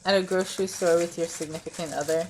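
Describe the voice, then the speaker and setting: A woman giving a casual pick-a-card tarot reading, rambling and hesitant with many pauses and restarts. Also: fairly low pitch, steady tone, noisy background. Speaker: tarot reader.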